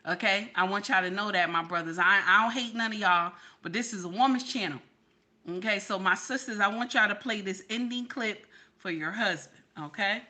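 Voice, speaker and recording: A woman's voice: mid-range voice, moderate pace, pushed and bright. A woman hosting her own channel, giving sassy, preachy reaction commentary straight to her viewers. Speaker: channel host.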